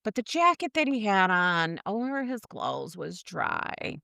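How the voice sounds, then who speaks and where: A woman's voice: medium pitch, very animated, measured pace, gravelly, bright, forceful tone, no room sound, clean studio sound. A woman in her thirties co-hosting a casual true-crime podcast, telling the story bluntly with lots of swearing. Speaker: podcast co-host.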